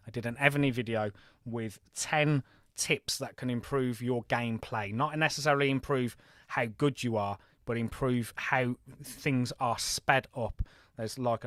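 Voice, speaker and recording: A friendly live-stream host with a light Birmingham accent talks through the game in a chatty, easygoing way. His voice sits at a middle pitch and sounds close and dry, with no room echo. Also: a bit bright. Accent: mild Birmingham English. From Birmingham, England. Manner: chatty, friendly, reads out scores and thanks viewers. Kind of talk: live game commentary and chat.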